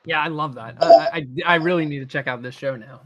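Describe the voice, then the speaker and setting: A man's voice: a little high, fast, very noisy. A man guest in a casual chat, agreeable and hesitant, often stammering.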